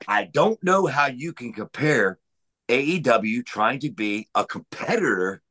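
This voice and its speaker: A man's voice: medium pitch, very animated, measured pace, a bit bright, rough recording. A man on a podcast giving a heated, profane rant about pro wrestling. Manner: heated, profane, emphatic ranting.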